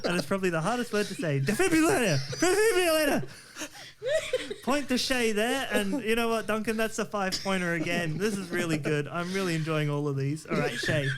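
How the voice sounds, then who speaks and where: A man hosting a playful podcast game, upbeat and quick to laugh and praise the players. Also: high voice, background noise. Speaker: game show host.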